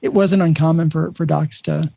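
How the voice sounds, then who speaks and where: A man's voice: a little high, moderate pace, creaky, no room sound. A man hosting a podcast interview, telling a work story and acting out the dialogue in it. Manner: animated storyteller, acts out dialogue. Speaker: podcast host. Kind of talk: conversational interview.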